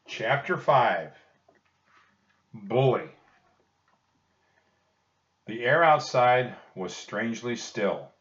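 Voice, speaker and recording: Man reading a kids' book aloud, calm and unhurried, dull lo-fi sound. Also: medium pitch. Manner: calm, gentle storytelling. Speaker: reader. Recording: dull lo-fi recording.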